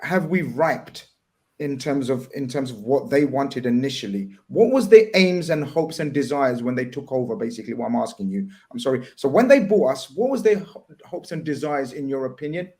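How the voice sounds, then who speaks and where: A man hosting a casual football fan chat, talking in halting restarts and asking leading questions. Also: mid-range voice, lively intonation, darkish tone. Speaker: host.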